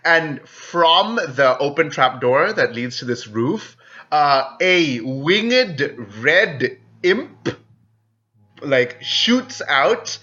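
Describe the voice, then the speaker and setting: A man runs the game as game master and tells the scene with animated energy, laughing easily. His voice is bright and forceful and sits a little high. The recording sounds slightly dull and lo-fi. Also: extremely slow. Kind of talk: narrating a tabletop game.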